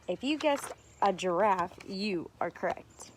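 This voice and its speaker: A woman teacher reading a picture book aloud to young children, animated, stopping to ask them to guess. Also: medium pitch, slow, slight background noise, poor audio. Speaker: preschool teacher.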